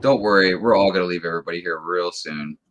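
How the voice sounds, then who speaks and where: A man's voice: sits low, fast talker, a bit bright, rough recording. A man co-hosting a livestream, chatting and bantering playfully. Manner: bantering, playful, swings his voice widely. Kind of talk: casual chat on a livestream.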